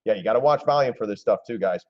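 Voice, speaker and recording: A man hosting a casual live stream, commenting on stock charts in an excitable, gleeful way and often clearing his throat. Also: lowish voice, fast, highs cut off. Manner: excitable, gleeful when shorts pay off, throws in mocking voices.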